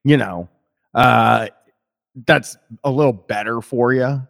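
A man's voice: mid-range voice, slow, vocal fry, fairly bright tone. A man in casual conversation who rambles, restarts his sentences, swears freely and laughs easily. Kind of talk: casual chat.

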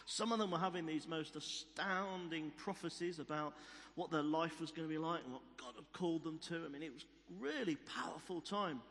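Guy preaching in church, kinda high voice, lots of hall echo, repeats his points. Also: fairly quick, a bit bright. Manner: storytelling, repeats key phrases for emphasis. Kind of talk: sermon. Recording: long reverb of a church hall.

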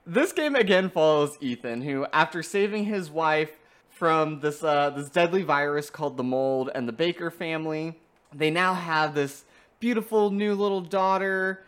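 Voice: medium pitch, moderate pace, fairly bright tone, clean tone. A podcast co-host recapping a video game story in a casual, enthusiastic review chat, with many fillers.

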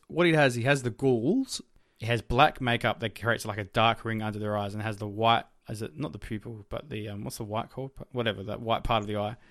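Male co-host, mid-pitched, rambling and loose, dry close recording. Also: fairly bright tone, no room sound. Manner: rambling, searching for words with many fillers. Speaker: podcast co-host. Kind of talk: casual chat.

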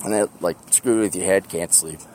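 On his way to the bus on foot, a man who hosts a podcast rambles along self-deprecatingly and laughs often. His deep, slightly mellow voice keeps a moderate pace, with a little hiss or hum in the recording.

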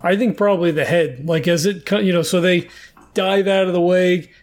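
A man playing in a tabletop game, chatting casually with excitable, quick reactions. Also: high voice. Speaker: player.

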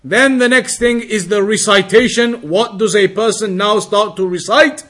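A man teaching a religious lesson, reading Arabic text quickly and then explaining it slowly, drawing out words to demonstrate pronunciation. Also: sits high, fairly even intonation, fairly bright tone. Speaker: Islamic teacher.

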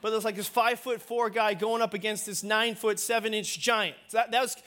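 A man's voice: high-pitched, fairly even intonation, brisk, pushed and bright. A man preaching a sermon as the pastor, playful and self-mocking, joking with the congregation and calling for responses.

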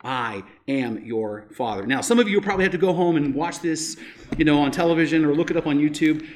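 A man's voice: a little high, steady tone, quick pace. Conversational preacher man. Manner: conversational preaching, frequent rhetorical "right?". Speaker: pastor. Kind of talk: sermon.

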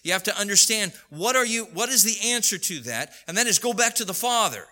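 A man's voice: high-pitched, big pitch swings, fairly quick, few pauses, pushed and bright. A man preaching a sermon in an earnest, rising and falling delivery, now and then acting out the voices of people he quotes. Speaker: pastor.

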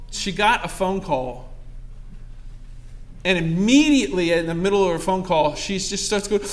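A man's voice: high voice, a bit bright. A young pastor preaching a sermon to his congregation, calling out asides and asking for amens. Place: church sanctuary.

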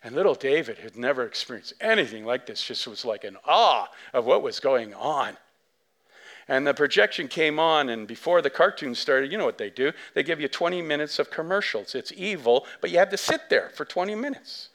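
A man preaching a sermon as pastor, telling a story in a chatty way with lots of asides, dropping to a hush and then swelling to near shouts. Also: on the high side, a little fast. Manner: animated storytelling, big swings from soft to loud; conversational, many fillers and asides.

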